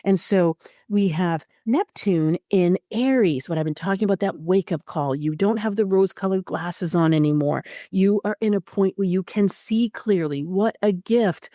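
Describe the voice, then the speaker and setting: A woman hosting an astrology podcast, giving expressive spiritual guidance with frequent fillers. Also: medium pitch, normal speed, few pauses, dry recording, studio quality.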